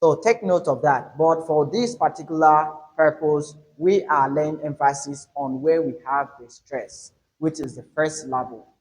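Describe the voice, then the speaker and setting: A man teaching English word stress, speaking slowly and deliberately. His voice sits a little high for a man, and he says each example word on its own with clear emphasis. It sounds like a patient classroom lesson. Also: rough recording. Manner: emphatic, drills words aloud one by one. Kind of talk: slow, deliberate pronunciation lesson.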